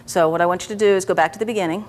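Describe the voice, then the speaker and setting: A woman practitioner guiding a client through a therapy session, asking gentle, coaxing questions and checking in often. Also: on the low side, steady tone, rapid-fire, slight background noise. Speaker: EFT practitioner.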